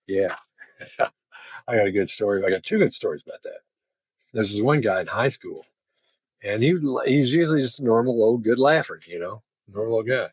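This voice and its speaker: Brief: man, relaxed chatty storyteller, husky low voice, dry recording. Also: brisk, dry recording. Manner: chatty, laughs while telling stories. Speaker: body language expert. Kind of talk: casual storytelling.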